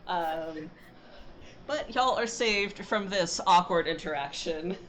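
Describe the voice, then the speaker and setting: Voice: medium pitch, slow pace, a bit bright. Casual tabletop game master, loose narration with fillers.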